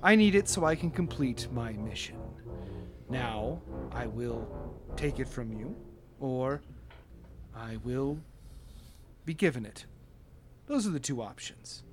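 A man voicing a cold, menacing military colonel who makes slow, quiet threats. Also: medium pitch, animated. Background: background music.

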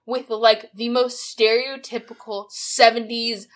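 A woman's voice: a little high, flat delivery, measured pace. A woman co-hosting a podcast in casual, sarcastic chat. She swears freely and keeps slipping into mock voices. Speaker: podcast co-host.

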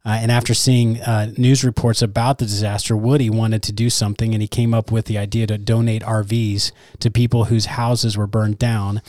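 A man hosting a casual podcast, his voice slightly hoarse from a recent illness, chatty and quick to laugh. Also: fairly low pitch, dry recording, clean studio sound. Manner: laughs often, relaxed and chatty. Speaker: podcast host, church worship director.

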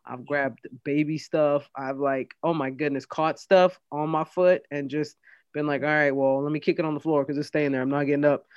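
A woman's voice: low voice, fairly even intonation, normal speed, a little mellow, clear, resonant tone, no room sound, muffled recording. A woman co-hosting a podcast in casual chat, playful and teasing. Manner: playful, teasing, mock-scolding. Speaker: podcast co-host.

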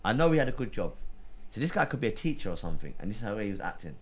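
A young man tells a story at a quick clip. His pitch swings widely as he acts out the people he describes, in a loose, casual chat. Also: slight background noise. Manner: animated, acts out voices in quotes. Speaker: cab driver telling a story.

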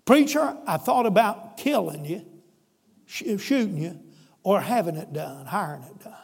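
A man's voice: high-pitched, expressive, measured pace, gravelly, slightly rough, big-room sound, full character voice. A preacher voicing a remorseful big older man. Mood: grim.

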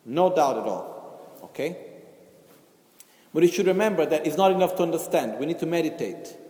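A Buddhist teacher gives a teaching talk in an echoey hall with long reverb, his fairly high voice animated and at normal speed. He's gentle, keeps saying "okay?" and "you know," and acts out inner voices.

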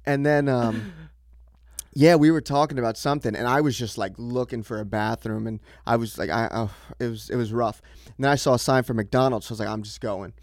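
A man's voice: medium pitch, fairly even intonation, brisk, darkish tone, no echo, studio quality. A young man co-hosting a podcast, telling a story in casual chat, rambling, swearing and laughing as he goes. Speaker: podcast co-host.

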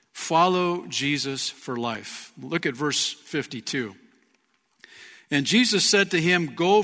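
A man preaching in a church sanctuary, his bright, forceful voice ringing out with a long hall reverb. He is an earnest pastor who talks straight to his listeners and asks them questions. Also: medium pitch. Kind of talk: sermon.

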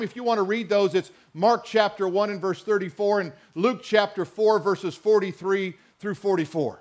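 In a high voice, a man preaches a sermon, reading scripture slowly and emphatically and calling on the congregation to respond.

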